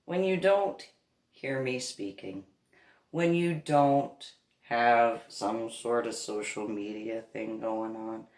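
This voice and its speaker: A woman from New Jersey talking casually to her viewers, rambling through stories and often breaking into laughter. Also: extremely low pitch. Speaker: vlogger, reverend. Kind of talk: casual monologue. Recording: roomy echo.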